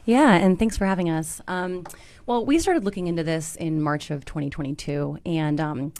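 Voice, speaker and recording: Low-voiced woman journalist, hesitant. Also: normal speed, a little mellow. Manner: conversational, hesitant with ums. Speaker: newspaper food critic. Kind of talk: radio interview.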